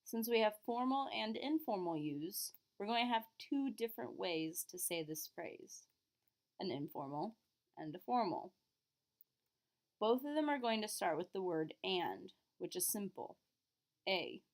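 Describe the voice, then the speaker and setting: A woman French teacher explaining phrases to her students, clearly and patiently, modeling each word slowly. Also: medium pitch, expressive. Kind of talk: classroom lesson recording.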